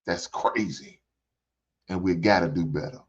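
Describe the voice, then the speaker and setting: Heard on a dull lo-fi recording, an older man with a low, slightly rough voice speaks a little slowly as he hosts a reaction show. His ranting commentary is blunt, packed with profanity, and preachy with repeated phrases.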